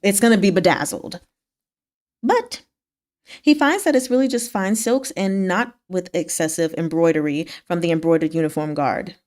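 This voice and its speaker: A woman's voice: on the low side, darkish tone. Chatty, wry woman recapping a book. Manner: chatty and wry, laughs often, acts out quick lines from the story. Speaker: book discussion host. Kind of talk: casual book chat.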